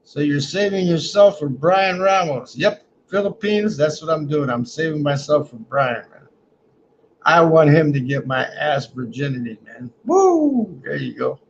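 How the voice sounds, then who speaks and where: Brief: male livestream host, fairly high voice, joking and rambling, dull lo-fi audio with a faint hiss behind. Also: normal speed. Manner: rambling, joking, often ends lines with "man". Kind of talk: casual livestream chat reading comments.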